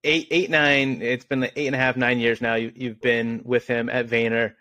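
A man's voice: mid-range voice, flat delivery, moderate pace, sharp tone. Chatty male podcast host. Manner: friendly, chatty questions with fillers. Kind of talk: casual interview questions.

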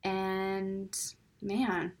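Speaking very slowly at medium pitch, a young mother co-hosting a podcast chats casually about her five-year-old son. She brings the stories to life by voicing him and herself.

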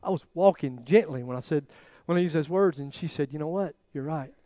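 A man preaches with a high, light voice, telling a personal story. His delivery rises to loud emphasis and drops almost to a murmur. The sound is dry and close. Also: a little fast, dry recording. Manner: animated storytelling, voice rising and dropping to near quiet. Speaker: pastor. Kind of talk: sermon.

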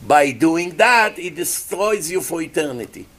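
Male rabbi, lively preacher, slightly higher voice, turns to the room with questions. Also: a little slow. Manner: animated preacher, acts out voices, asks the audience questions. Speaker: rabbi giving a Torah class. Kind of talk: sermon.

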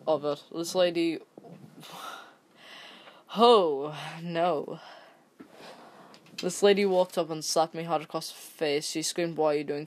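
A woman with a somewhat low voice reads an online story aloud in a loose, chatty way. She stumbles over words and keeps breaking off into rambling, sweary commentary. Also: a little mellow. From England. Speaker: story reader.

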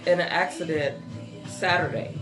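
A woman's voice: on the low side, moderate pace. A woman co-hosting a casual faith podcast, talking earnestly and repeating phrases for emphasis. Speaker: podcast co-host. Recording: echoey room, music underneath. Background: music.

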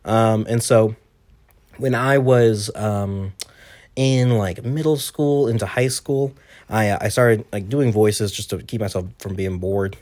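A young man with a fairly low voice talks loosely and rambles through his stories. He laughs often and keeps it casual, like a guest on a relaxed podcast. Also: takes it slowly. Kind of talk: casual chat.

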